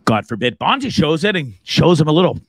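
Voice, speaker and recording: Man, live-stream host, jokey and swearing, very lively pitch, dry close sound. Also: fairly quick, no echo. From Canada, Hamilton region. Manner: jokey, animated, swears freely, laughs often. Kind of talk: casual live-stream chat.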